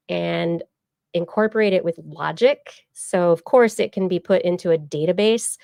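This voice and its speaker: Female host, low register, dry recording, casual and discursive explainer. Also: vocal fry, a little mellow, dry recording. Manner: explains at length with fillers and acted-out examples. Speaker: podcast host. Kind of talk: casual science chat.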